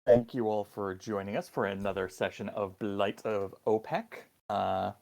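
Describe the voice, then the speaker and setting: A man's voice: fairly low pitch, fairly even intonation, moderate pace, vocal fry, darkish tone. A man welcoming players as game master of an online tabletop game, upbeat and easygoing. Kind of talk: hosting a tabletop game stream.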